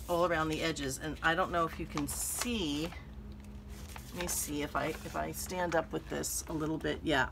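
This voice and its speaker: A middle-aged woman hosts a crafting channel, chatting casually and thinking aloud with plenty of fillers while she works, in a casual tutorial style. Her voice is low and gravelly, and there is noise in the background.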